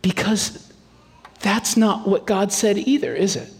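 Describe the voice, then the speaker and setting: A man preaching a sermon in a lively, animated way, acting out quotes in playful voices. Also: sits high, a little slow. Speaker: pastor. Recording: reverberant hall.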